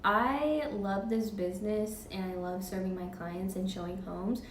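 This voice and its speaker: A woman's voice: medium pitch, steady tone, reverberant, far from the mic, slight background noise. A woman in her twenties speaking candidly in a casual personal vlog, chatty and open. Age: 20s. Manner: candid, chatty, quick laughs. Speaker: vlogger.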